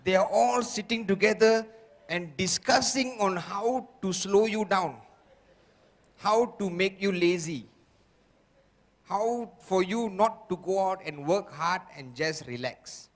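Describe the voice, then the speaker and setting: A man's voice: sits high, takes it slowly. A man giving a motivational seminar talk who keeps firing rhetorical questions at the audience. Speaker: motivational speaker. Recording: long reverb of a large hall.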